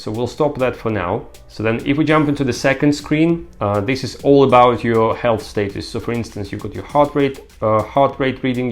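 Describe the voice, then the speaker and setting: A man reviewing a gadget in a relaxed, step-by-step way, with frequent "uh" and "um" fillers. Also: on the low side. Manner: explains step by step, many fillers like uh and um. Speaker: tech reviewer. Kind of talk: casual product demo.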